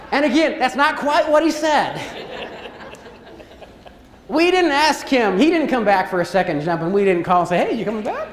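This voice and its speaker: A man giving a storytelling keynote talk as a motivational speaker, acting out scenes and quotes with big swings in his voice. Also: a little hiss or hum. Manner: animated, acts out scenes and quotes with big pitch jumps. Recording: echoey hall with faint ambience.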